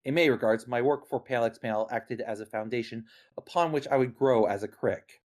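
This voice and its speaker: A podcast guest and critic reading a prepared explanation, earnest and lively, correcting themself now and then. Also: medium pitch, fast talker.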